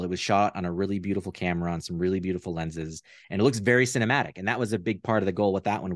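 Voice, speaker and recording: Male guest, low voice, dry sound, relaxed and rambling on a video call. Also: dry recording. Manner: relaxed, rambling, many fillers. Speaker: puppeteer guest. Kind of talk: casual interview chat. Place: home room via video call.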